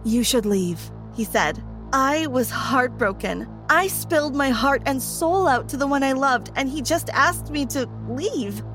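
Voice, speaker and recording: A woman's voice: sits high, animated, measured pace, hardly any pauses, fairly bright tone, faint music behind. A young woman narrating a first-person story in a dramatic, emotional style.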